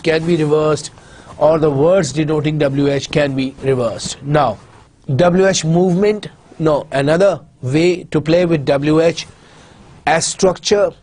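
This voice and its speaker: Male lecturer, Pakistani English accent, fairly high pitch, methodical explainer with frequent restarts. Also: darkish tone. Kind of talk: university lecture on grammar.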